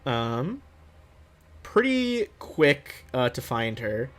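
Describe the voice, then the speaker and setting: A man's voice: medium pitch, big pitch swings, drawn-out words, a bit bright. A man narrating as game master in loose, filler-heavy chat. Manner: loose, full of "like" and "uh".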